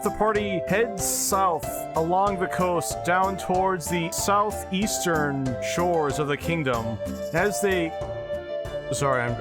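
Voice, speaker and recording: A man running a tabletop game as game master, describing scenes with brief asides. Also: on the high side.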